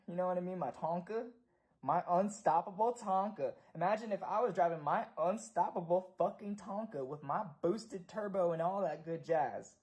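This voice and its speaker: A young American man ranting profanely and repetitively in a casual livestream. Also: on the high side.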